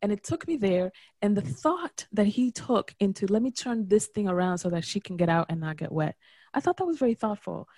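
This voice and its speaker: A woman guest on a podcast, chatting casually and telling a story with lively repeats and frequent laughter. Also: medium pitch, brisk, no echo. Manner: animated storyteller, repeats words, laughs often.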